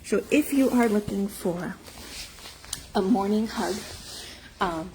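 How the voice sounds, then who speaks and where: Speaking slowly at a medium pitch, an animal rescue owner chats to her handheld phone camera for a casual morning vlog. She's in a barn full of dogs, talking to them fondly and laughing a lot, with background noise audible.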